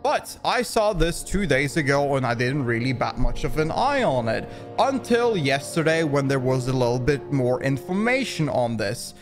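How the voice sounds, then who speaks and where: A man's voice: medium pitch, very animated, normal speed, few pauses, music in the background. Rambling male commentary YouTuber. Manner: rambling with frequent restarts. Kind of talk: opinion commentary.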